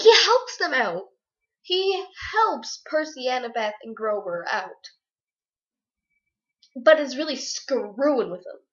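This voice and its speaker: A young woman chats through a casual book review, gushing and giggling as she goes. Her voice sits a little high. The recording is dull and lo-fi, like a basic webcam mic.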